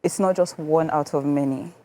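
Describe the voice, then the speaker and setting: A woman designer in a TV interview, explaining her garments in a measured, detailed way. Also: deep voice, fairly even intonation, mellow, slight background noise. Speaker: fashion designer guest.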